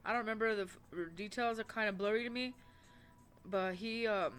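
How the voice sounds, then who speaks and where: A woman telling a personal story in casual, rambling talk, swearing often and restarting her sentences, with soft music behind her. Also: medium pitch, normal speed, clean tone. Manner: rambling, profane, with many fillers and restarts.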